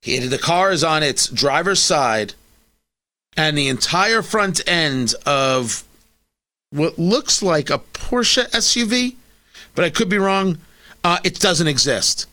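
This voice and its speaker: A man's voice: a little high, expressive, slow pace, pushed and bright. A man hosting a talk show, giving emphatic, opinionated political commentary that repeats points for effect and adds sarcastic asides.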